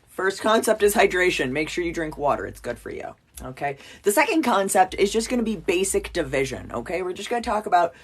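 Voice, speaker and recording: A woman giving a casual, playful math lesson at a whiteboard, chatty and joking at herself as she works. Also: fairly low pitch. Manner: playful, chatty, self-mocking asides. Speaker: math teacher.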